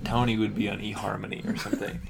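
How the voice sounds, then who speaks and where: A man co-hosting a casual podcast, giving dry, deadpan answers. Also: lowish voice, fast talker, creaky, crowd noise. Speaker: podcast co-host.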